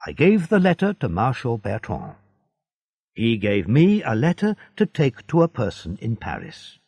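Young sailor guy, honest n nervous, slow gravelly talk, a man reading it. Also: medium pitch, huge pitch swings, a little mellow, no room sound, exaggerated voice. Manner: earnest, pleading.

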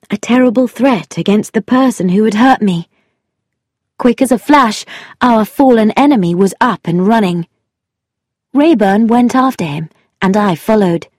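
A woman narrating a first-person story in a measured, deliberate reading voice. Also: medium pitch, darkish tone, no room sound, clean studio sound. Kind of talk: scripted narration.

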